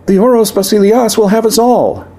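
A man voicing a terrified young saloon girl who cries out in a high, desperate squeal. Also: fairly even intonation, normal speed, warm tone. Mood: panicked.

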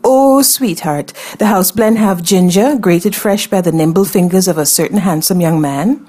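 A man's voice: high voice, normal speed, dark tone. A woman voicing a flamboyant, teasing male cafe cook in drag, with a sing-song, flirtatious manner. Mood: gushing.

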